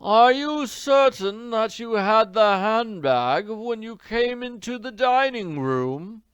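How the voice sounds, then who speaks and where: A man voicing a skeptical woman guest who speaks in a slow drawl. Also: high voice, expressive, fairly bright tone, smooth, no echo, dull audio, voice pushed up, full character voice. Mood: doubtful.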